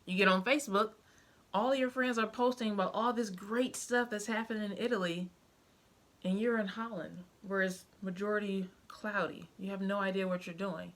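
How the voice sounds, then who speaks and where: A woman's voice: mid-range voice, steady tone, moderate pace, fairly bright tone. A young woman talking to the camera about her life as a mother, heartfelt and emotional, with many fillers. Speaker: vlogger, mother. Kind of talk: casual personal storytelling to camera.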